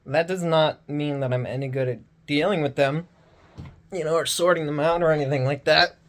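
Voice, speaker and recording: A man's voice: fairly high pitch, fairly even intonation, normal speed, fairly bright tone. A man rambling in loose, self-deprecating tangents while lying on the floor indoors and filming himself on a phone he holds above his face. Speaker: vlogger. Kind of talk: rambling casual monologue to camera. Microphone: phone held overhead in one hand.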